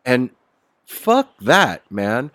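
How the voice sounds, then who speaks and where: A man guest telling stories in a casual, animated chat, swearing freely and laughing. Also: mid-range voice, drawn-out words, no room sound. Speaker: podcast guest. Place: outdoor porch.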